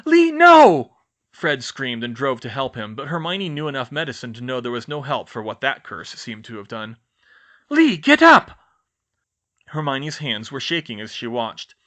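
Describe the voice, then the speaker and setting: A man narrating a fan fiction audiobook in a lively, expressive reading. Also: mid-range voice, normal speed, few pauses. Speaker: audiobook reader.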